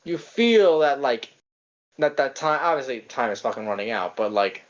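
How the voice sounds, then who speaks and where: A man talking through a film on a casual podcast, circling his point with repeated false starts and the odd swear word. The sound is a bit dull and lo-fi, as if the high end has been trimmed off. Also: animated, normal speed. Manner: rambling, stammering restarts, casual swearing. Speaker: podcast co-host. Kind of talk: casual film review chat.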